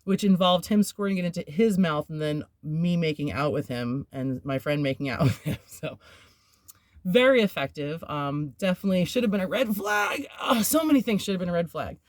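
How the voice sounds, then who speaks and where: A woman's voice: on the low side, expressive, normal speed, no echo, clean studio sound. A woman hosting a podcast, telling a personal story in a candid, rambling way, with filler words and nervous laughs. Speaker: podcast host.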